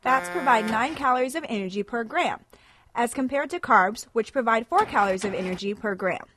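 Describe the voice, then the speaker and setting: A woman presenting a scripted educational lesson, explaining clearly and cheerfully. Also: fairly high pitch, lively intonation, a little fast, fairly bright tone, a little hiss or hum.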